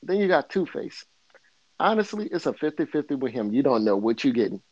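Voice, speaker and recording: Animated guy on a podcast, kinda high, muffled lo-fi sound, mock outraged. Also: fairly quick, no echo. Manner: playfully indignant. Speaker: podcast co-host. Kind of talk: casual chat.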